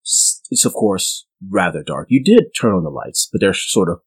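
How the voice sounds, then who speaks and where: A man's voice: low-pitched, animated, slightly rough, poor audio. Easygoing man running a tabletop game. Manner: casual, halting, chuckling. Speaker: game master.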